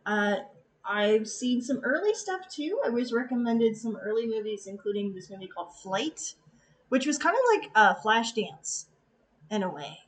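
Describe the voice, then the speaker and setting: A woman's voice: a little high, expressive, moderate pace, husky. Chatty valley girl accent lady rambling about stuff, lots of ums and little tangents. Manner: rambling, chatty, many fillers and self-asides. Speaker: artist and video creator. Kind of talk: casual chat.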